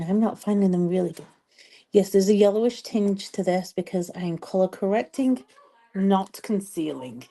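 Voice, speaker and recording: A social media strategist and vlogger chats on a live stream as she applies makeup, recounting a story in an exasperated, chatty way and repeating things for emphasis. She has a mid-range, creaky, mellow voice and speaks at a moderate pace.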